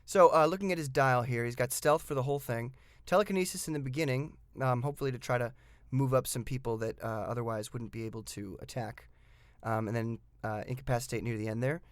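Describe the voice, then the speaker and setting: A man with a mid-range voice talks fast in a casual hobby review of tabletop miniatures game pieces. Chatty and enthusiastic with frequent fillers, he reads game rules aloud and then comments on them, all in a dry recording.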